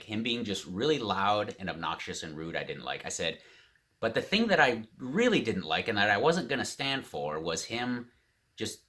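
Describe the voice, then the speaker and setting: A man casually telling a story straight to camera, quoting the people involved without changing his own voice. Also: fairly low pitch. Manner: animated, quotes others in his own voice. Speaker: vlogger. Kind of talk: storytelling vlog.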